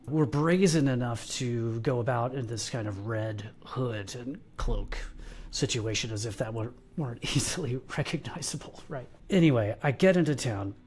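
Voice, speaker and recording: A man playing a slow, burly bounty hunter, telling a long story in character at a tabletop game, with halting restarts. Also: mid-range voice, a little mellow. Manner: rambling, halting delivery with restarts. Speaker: player.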